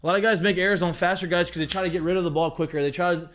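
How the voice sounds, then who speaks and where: A man with a fairly high voice, talking in a relaxed podcast chat. He tells stories animatedly, leans heavily on "like" and swears freely as he vents about baseball. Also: racing. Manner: animated storytelling with heavy profanity and filler "like". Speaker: podcast guest, former baseball player. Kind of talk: casual chat.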